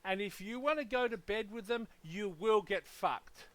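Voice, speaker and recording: A man's voice: high-pitched, moderate pace, a bit bright, no room sound. A man hosting a gaming channel, ranting heatedly in casual podcast talk with lots of profanity.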